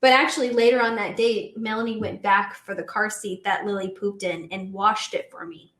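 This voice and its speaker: A woman in her twenties telling a story in a casual chat, animated and full of "like"s and laughs. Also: medium pitch, normal speed, echoey room. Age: 20s. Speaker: guest, host's daughter.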